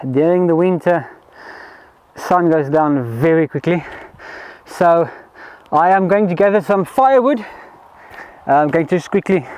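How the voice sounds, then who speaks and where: High-voiced man camping outdoors. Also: darkish tone, smooth, dry recording, low-quality recording. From South Africa. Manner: rambling, many fillers and restarts. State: out of breath. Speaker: outdoor gear vlogger. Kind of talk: casual camping vlog. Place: outdoors in bushveld at dusk.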